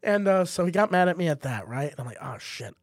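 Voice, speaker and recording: A man's voice: sits high, fast, no room sound, clean studio sound. A young man co-hosting a podcast, casually telling a story and acting out the people in it with swings in voice and a lot of swearing. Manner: animated storyteller, acts out quotes in shifting voices, swears. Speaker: podcast co-host.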